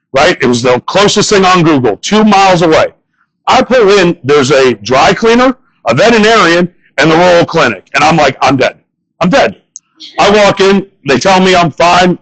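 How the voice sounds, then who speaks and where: A young man with a somewhat high voice works a live crowd with a stand-up set. He rambles through crude, profane stories in a loose, conversational way. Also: fairly bright tone, low-quality recording. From northern United States. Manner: crude, rambling storytelling with swearing. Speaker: stand-up comedian. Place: bar stage before a live audience.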